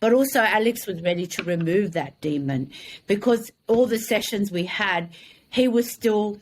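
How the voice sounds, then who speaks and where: A woman, a psychic medium, calmly and earnestly explaining her work in conversation. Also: mid-range voice, normal speed, a little hiss or hum.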